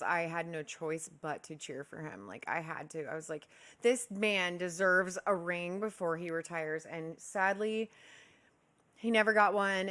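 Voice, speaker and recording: A woman's voice: medium pitch, a bit bright. A young woman from Kansas City hosting a livestream, chatting casually with her viewers, laughing often and greeting them with affectionate nicknames. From Kansas City, USA. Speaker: livestream host.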